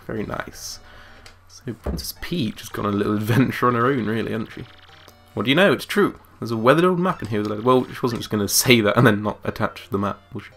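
A man's voice: on the low side, lively intonation, fast, vocal fry, fairly bright tone, faint music behind. A man giving chatty, joking commentary over a video game. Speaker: let's play commentator.

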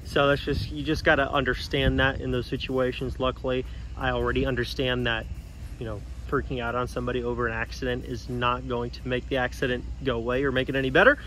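A man casually talking about his pickup truck, animated and slangy, addressing his viewers directly. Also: mid-range voice, fast talker, a little hiss or hum. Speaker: truck vlogger. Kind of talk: casual vlog talk.

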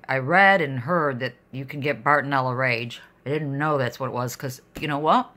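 A woman's voice: a bass voice, pushed and bright. A middle-aged woman talking in a personal video diary, emotional and rambling, venting her frustration. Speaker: vlogger.

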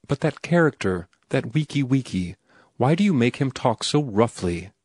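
A man's voice: medium pitch, very animated, normal speed, darkish tone, slightly rough, no echo, studio quality. A man voicing a prim, reproachful young woman in an audiobook, earnest and disapproving in how she questions. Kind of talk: audiobook character reading.

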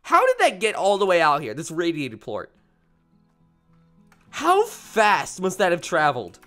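A man's voice: sits high, huge pitch swings, a little slow, sharp tone, faint music behind. A young man streaming a video game, rambling playfully and reading viewers' messages aloud. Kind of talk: casual gameplay commentary.

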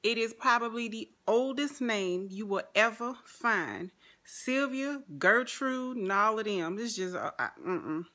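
A woman's voice: a little high, expressive, unhurried, sharp tone. A woman in her forties with a New Orleans accent, chatting to camera as a vlogger in a sassy, joking way. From New Orleans, Louisiana. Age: 40s. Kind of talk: casual chat to camera.

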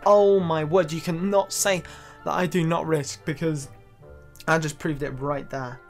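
A young man giving excitable, profanity-laced commentary over his own gameplay clips. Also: fairly high pitch, measured pace, creaky. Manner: excitable, swears freely, loud exclamations. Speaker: gaming YouTuber. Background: faint background music.

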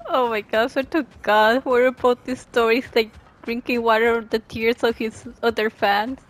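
A woman's voice: fairly high pitch, steady tone, normal speed. A woman streaming a video game, reacting in an emotional, gushing way, swearing and laughing a lot. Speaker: gameplay streamer. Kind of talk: live gameplay reaction.

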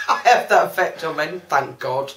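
A woman's voice: low-pitched, expressive, a little slow, fairly bright tone, far from the mic, slight background noise. A woman, trading sarcastic, teasing banter in a casual chat. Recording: roomy sound from off the mic.

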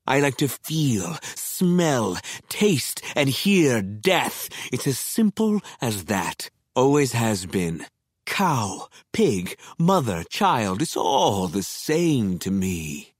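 A sadistic male killer gloats with a grin, dragging out each word at a very slow pace, as a male narrator puts him on. His voice sits mid-pitch, recorded dry and close. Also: very animated, breathy edge, no room sound, exaggerated voice. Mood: gloating. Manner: slow, relishing, grinning. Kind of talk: audiobook character voice.

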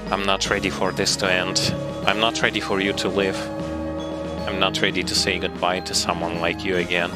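A man voicing a tearful, remorseful young goat-monster boy as he reads game dialogue aloud in a slow, earnest way over gameplay. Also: deep voice, little pitch movement, natural voice. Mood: pleading. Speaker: let's play gamer. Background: game music.

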